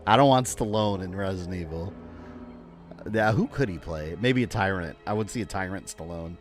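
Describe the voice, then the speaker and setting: A man hosting a livestream and rambling in relaxed, chatty commentary while he plays a game. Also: deep voice, normal speed, soft background music. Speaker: livestream gamer host. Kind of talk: casual gameplay commentary.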